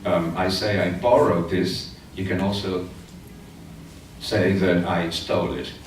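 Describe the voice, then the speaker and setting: A middle-aged man with a Chilean accent lectures, his lowish voice picked up from a distance. The hall rings with a heavy echo, with faint room noise underneath. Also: steady tone, slow. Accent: Chilean Spanish. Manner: explanatory, chatty with asides, taps out beats aloud. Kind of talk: academic conference talk. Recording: echoey hall from far off.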